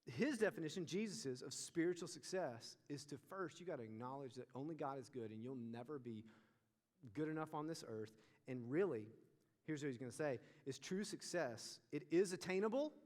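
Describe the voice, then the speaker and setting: A young man preaching a sermon to a student group, animated and asking the audience questions. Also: a little high. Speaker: youth pastor. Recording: long reverb of a large hall.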